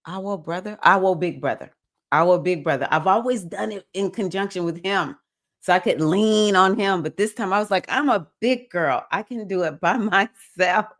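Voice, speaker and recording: Woman livestream host, casual chat, lower-pitched voice, enthusiastic and cheering. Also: a bit bright. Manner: enthusiastic, cheering viewers with whoops; reads viewer comments aloud.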